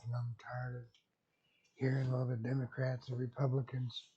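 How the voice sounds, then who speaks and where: A man's voice: medium pitch, mellow, slightly rough, dull audio. A man vlogging casually, rambling folksily and chuckling at his own jokes. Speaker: YouTube vlogger.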